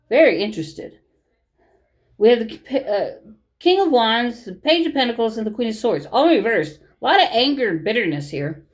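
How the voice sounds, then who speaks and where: A woman doing a relaxed tarot reading from her bedroom at home. Her voice sits at an average pitch for a woman. She talks in a chatty, reassuring way and keeps asking "okay?" as she checks in with viewers. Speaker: tarot reader. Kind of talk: casual tarot reading to camera.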